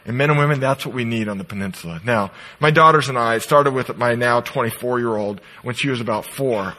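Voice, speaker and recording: A middle-aged man preaching a sermon as pastor, emphatic and swinging from loud declarations to soft, quiet asides. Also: medium pitch, breathy edge, rough recording. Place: church sanctuary.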